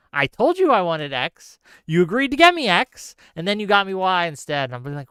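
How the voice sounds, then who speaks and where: A man's voice: sits high, wildly swooping pitch, fairly quick, few pauses, pushed and bright, smooth, dry recording. A man hosting a live stream, ranting casually and sarcastically while reading out viewer comments.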